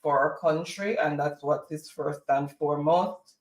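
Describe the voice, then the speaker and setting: A man from Jamaica with a Jamaican accent, co-hosting a casual chat and telling stories with lively retellings. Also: fairly high pitch, unhurried. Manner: chatty storyteller, mimics others. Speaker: co-host. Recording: roomy, distant from mic.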